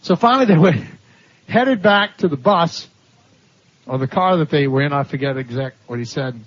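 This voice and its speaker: A man with a high, husky voice tells stories from the pulpit with animation, acting out the voices of the people in them. The recording is dull and lo-fi. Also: moderate pace. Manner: animated storytelling, laughing at his own stories, acting out quoted voices. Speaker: preacher. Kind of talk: sermon storytelling.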